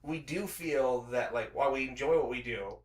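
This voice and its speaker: A man's voice: mid-range voice, moderate pace, roomy sound. A man co-hosting a podcast in casual chat, rambling with many restarts and filler words. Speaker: podcast co-host.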